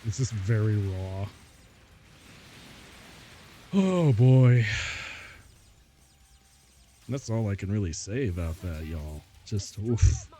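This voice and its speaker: A man's voice: sits low, moderate pace, dark tone. A man streaming live, chatting casually and rambling, often laughing between thoughts and saying "like" and "y'all" a lot.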